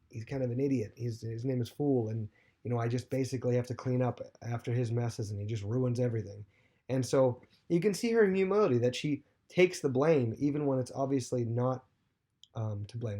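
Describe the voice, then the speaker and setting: Mellow-voiced man teaching a Bible lesson. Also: medium pitch, brisk. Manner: loose retelling with many fillers.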